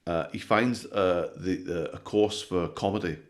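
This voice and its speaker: A man with a very low voice tells jokes in a relaxed podcast conversation. He talks in an animated, sweary way and keeps tagging his lines with "right?". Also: measured pace. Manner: animated storytelling, sweary, with frequent "right?" tags. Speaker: comedian guest. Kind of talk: casual podcast chat, telling jokes.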